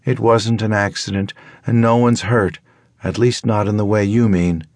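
A guarded young woman in her twenties, as a male narrator puts her on, speaking quietly but firmly and giving little away. Her voice is lifted above the narrator's own, read close and dry. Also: lowish voice, steady tone, moderate pace, no echo, voice pushed up, lightly acted. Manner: quiet but firm, evasive.

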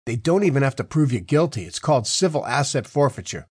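A man's voice: medium pitch, big pitch swings, fast, breathy edge, no echo, studio quality. A man voicing a sneering, bullying male cop who taunts and curses in an audiobook. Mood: taunting. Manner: taunting, crude.

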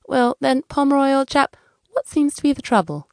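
Woman reader voicing eager young aristocrat detective; chirpy, fussy, high and lively, children's audiobook. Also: moderate pace, vocal fry, no echo, clean studio sound. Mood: excited. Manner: chirpy, fussy and very British-polite.

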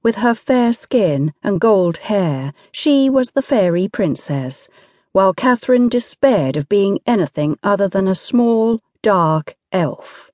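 Here a woman delivers scripted audiobook narration at medium pitch, measured yet expressive. The sound is dry and studio-clean.

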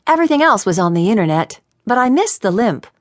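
A woman's voice: on the high side, big pitch swings, fast, no room sound, clean studio sound, pitched above the performer's own voice. A woman voicing a confident, cocky young woman who is a computer whiz. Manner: brash, confident.

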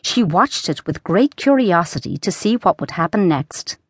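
A woman narrating a children's storybook audiobook in a lively, expressive reading. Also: on the low side, moderate pace, slightly rough, dry recording, studio quality.

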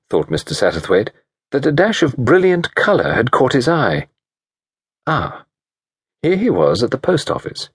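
A man narrating an audiobook in a measured, expressive storytelling manner. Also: medium pitch, breathy edge, no room sound, clean studio sound. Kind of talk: scripted narration.

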